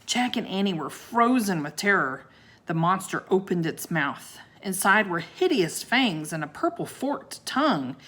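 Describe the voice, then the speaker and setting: Expressive woman reading to kids. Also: medium pitch. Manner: expressive and unhurried, with asides to young listeners. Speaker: teacher reading aloud to children. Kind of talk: children's storybook read-aloud.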